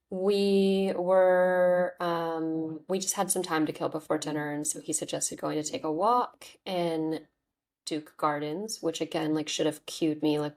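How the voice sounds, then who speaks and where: A woman in her thirties with a deep, darkish voice hosts a podcast, telling a personal story in a chatty, candid way. Her speech is full of "like"s and "um"s.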